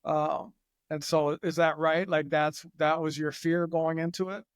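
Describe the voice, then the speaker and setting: High, smooth-voiced enthusiastic podcast host. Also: male voice, level tone, measured pace, no room sound, clean studio sound. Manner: enthusiastic, thinking aloud in questions. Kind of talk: casual interview chat.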